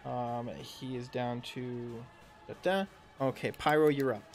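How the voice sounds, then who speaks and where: A man in his thirties narrates a tabletop role-playing session as dungeon master, stopping often to fill gaps and restart his sentences. His voice sits at a middling pitch. Faint music plays underneath. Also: fairly even intonation. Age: 30s. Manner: halting, full of fillers and restarts. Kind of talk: narrating a tabletop game livestream.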